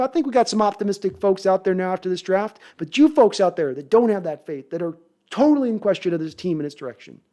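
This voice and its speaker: Man, sports podcast host, high-pitched voice, rousing preacher-style delivery. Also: dark tone. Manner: rousing, preacher-like pep talk. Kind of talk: sports commentary monologue.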